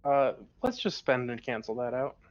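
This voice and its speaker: A man running a tabletop game as game master, reading sensor reports in a flat clipped way. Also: medium pitch, moderate pace, highs cut off, slight background noise.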